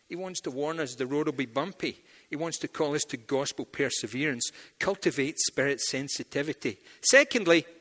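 Male preacher, fairly high bright voice, lively storyteller, long hall echo. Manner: animated storytelling, acts out dialogue. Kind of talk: sermon with anecdotes.

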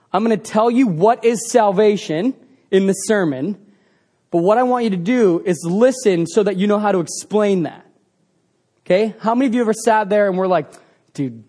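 A young adult man, a pastor, preaching a sermon in a casual, animated way and acting out quoted voices. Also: high voice.

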